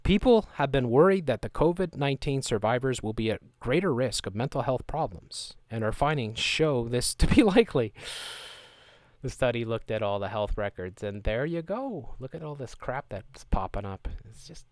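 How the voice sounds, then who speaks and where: A man's voice: medium pitch, lively intonation, normal speed, a little mellow, no room sound, studio quality. A man hosting a live stream, reading news aloud and mocking it with sarcastic asides. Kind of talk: live commentary on news clips.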